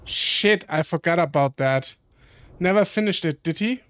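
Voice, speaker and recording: Man doing a brooding young furry guy, terse, slightly high voice, clean and dry sound. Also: unhurried, a bit bright, clean tone, no echo. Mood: teasing.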